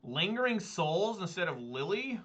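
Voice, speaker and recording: A man's voice: high voice, very animated, moderate pace, a bit bright. A man giving casual gameplay commentary as he plays, talking to himself and swearing often. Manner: swears often, talks to himself while playing. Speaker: gameplay streamer.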